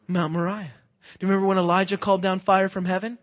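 A man preaching a sermon, quizzing the congregation with fill-in-the-blank questions and swinging between hushed and loud, emphatic delivery. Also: high-pitched, little pitch movement, fast.

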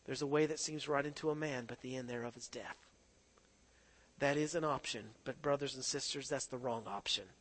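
A man preaching a sermon, moving between hushed prayer and impassioned, rising appeals to the congregation. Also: mid-range voice, normal speed. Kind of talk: sermon with altar-call prayer.

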